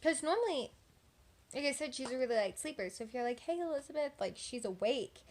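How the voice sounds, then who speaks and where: A young woman of eighteen from Texas tells a story casually to her phone camera, rambling and filling gaps with "like" and "um". Her voice sits a little high, and she talks at night at home. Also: lively intonation, brisk. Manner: chatty, rambling, frequent "like" and "um". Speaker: vlogger.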